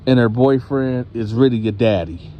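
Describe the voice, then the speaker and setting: A man's voice: mid-range voice, moderate pace, lo-fi sound, a little hiss or hum, close to an everyday voice. A man voicing a stern, churchgoing grandmother who scolds and presses with questions. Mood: grim.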